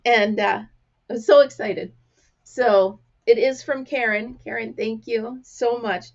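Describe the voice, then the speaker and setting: A woman with a gravelly voice, chatting casually to camera as a crafting vlog host and acting out the people in her stories. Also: on the high side, a little slow, dull audio. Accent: American. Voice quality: gravelly, clears throat often. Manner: chatty storyteller, acts out quotes.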